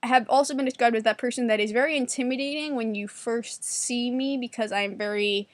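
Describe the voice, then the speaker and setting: Young woman vlogger, fast sarcastic chatter, slightly high voice, dry room. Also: steady tone, no room sound. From New York. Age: 20s. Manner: fast-talking, sarcastic, blunt; acts out quotes in a higher voice. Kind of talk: casual monologue to camera.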